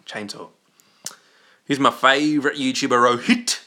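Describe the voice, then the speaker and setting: An Australian man in his young adult years chats through a livestream, answering viewer comments off the cuff. His voice is bright and forward, sitting at an ordinary middle pitch. He rambles, restarts and slips into silly asides. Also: expressive, normal speed. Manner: rambling and goofy, with playful asides. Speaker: livestream host. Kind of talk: casual live-stream chat reading viewer comments.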